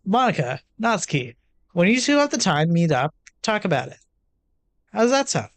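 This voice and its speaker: A woman voicing a poised, responsible club president girl who speaks in a measured, composed way. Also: fairly low pitch, very animated, no room sound. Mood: calm.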